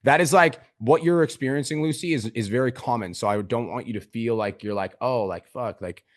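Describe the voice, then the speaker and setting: A man coaching a client on a group video call, swearing constantly in a pumped-up motivational manner with sudden loud outbursts. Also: medium pitch, fairly quick, dry recording, clean studio sound. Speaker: business coach.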